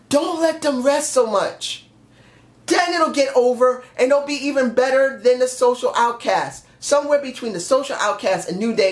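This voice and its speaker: A man's voice: high-pitched, roomy sound. A man giving blunt, opinionated reviews in a casual vlog, often dismissive. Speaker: wrestling show reviewer.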